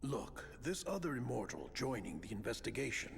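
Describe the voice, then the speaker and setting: A stern, commanding lord. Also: male voice, medium pitch, very animated, normal speed, gravelly, a little hiss or hum. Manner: curt, authoritative. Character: stern male lord commanding his agents. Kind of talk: video game cutscene acting. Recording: long reverb.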